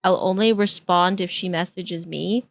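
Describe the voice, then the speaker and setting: A woman VTuber vents to her stream with some exasperation, her lowish voice showing vocal fry, fairly even intonation, and normal speed, with no room sound. The casual reaction-stream chat is candid and rambling, with restarts and repeated phrases.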